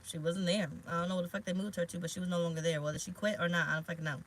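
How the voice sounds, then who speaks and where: A woman's voice: fairly low pitch, level tone, racing, low-quality recording. A woman tarot reader talking casually in a vlog, rambling and frank, swearing now and then. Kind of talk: casual spiritual vlog talk. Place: parked car.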